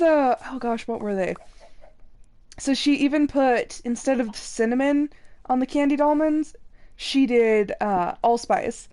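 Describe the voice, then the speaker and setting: High-voiced chatty young woman streamer. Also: unhurried, dark tone. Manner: chatty, laughs often, quotes others in raised voice. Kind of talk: casual chat while gaming.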